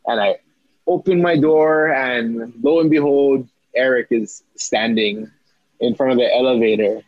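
A young man, an athletic trainer, telling a story about himself in animated bursts, stammering and acting out his own panicked lines. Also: medium pitch, unhurried, no echo, lo-fi sound.

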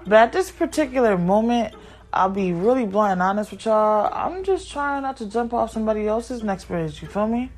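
Frank, scattered mom podcaster. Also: female voice, on the high side, lively intonation, normal speed, a little mellow. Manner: frank and scattered, breaks off to tend her kids. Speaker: podcast host and mother. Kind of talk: candid casual rambling to listeners.

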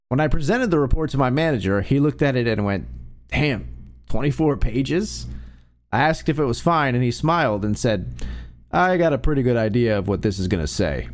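A man narrating an online revenge story in a scripted, expressive storytelling read. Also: mid-range voice. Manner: lively, expressive storytelling reading.

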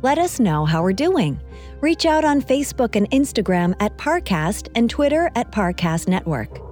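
Mellow woman narrating history. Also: on the high side, very animated, normal speed, faint music behind. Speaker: podcast co-host.

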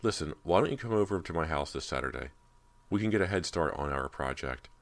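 A man with a very deep voice voicing a cool, easygoing teenage boy in an audiobook. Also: lively intonation, fairly quick, creaky, exaggerated voice. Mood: casual. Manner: casual, cool.

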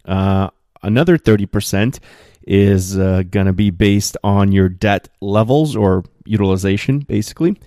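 A man with a low, mellow voice hosts a solo podcast from a spare room at home. The recording is dry and close, with no room sound. He talks loosely and fills gaps with "uh" and "um", and he grows heated as he talks. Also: normal speed, no echo. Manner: animated, gets worked up, many fillers. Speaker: podcast host.

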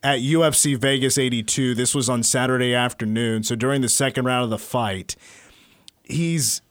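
A man's voice: medium pitch, moderate pace, no echo. A man hosting a sports talk show, casually retelling sports stories. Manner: storytelling, animated retelling. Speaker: sports radio host.

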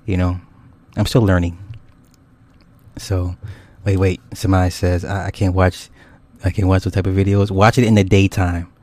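A man's voice: sits low, level tone, moderate pace, long pauses, darkish tone. A man hosting a casual livestream, rambling and swearing loosely with frequent laughs as he reads viewer comments. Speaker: YouTube host.

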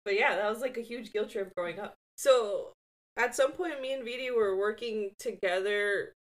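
A woman's voice: mid-range voice, normal speed. A woman in her thirties chatting casually as a podcast co-host, telling stories with Spanish phrases mixed in and laughing often. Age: 30s. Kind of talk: casual chat.

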